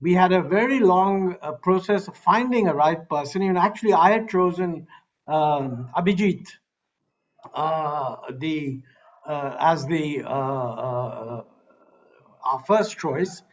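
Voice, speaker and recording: A man with an Indian English accent answering a criticism on a panel, measured with frequent hesitations. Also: on the high side, muffled recording. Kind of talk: panel discussion.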